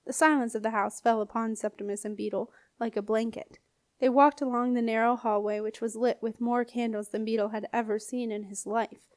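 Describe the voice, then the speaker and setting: A woman narrating an audiobook with expressive storytelling. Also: a little high, no echo, studio quality. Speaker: audiobook reader. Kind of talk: scripted narration.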